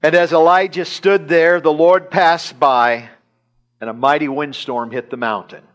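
A man's voice: a little high, fairly even intonation, a little slow. A man preaching a sermon in church, retelling a scripture story animatedly with chuckles and repeated phrases. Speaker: pastor. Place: church service.

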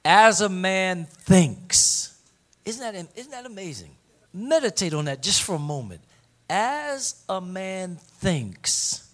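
A man preaching a sermon to his congregation, emphatic, repeating key phrases and slowing down to stress them. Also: high-pitched, a bit bright. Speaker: pastor. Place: church service before a congregation.

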